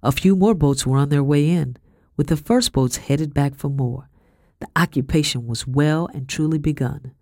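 A woman narrating a first-person audiobook in a measured, steady storytelling voice. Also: low voice, no room sound, clean studio sound.

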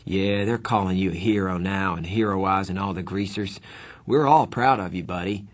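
A man's voice: sits low, moderate pace, close to an everyday voice. A man reading a novel aloud, voicing a tough teenage hoodlum who talks with tense, breathless urgency. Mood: forced cheer.

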